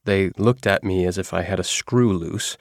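A man reading a first-person novel aloud in a measured, even storytelling manner. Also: sits low, creaky, no echo, clean studio sound. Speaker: audiobook narrator.

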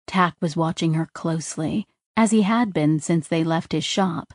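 Speaking in a deep voice, a woman gives scripted audiobook narration in a measured, even storytelling manner. The recording is studio quality, free of echo.

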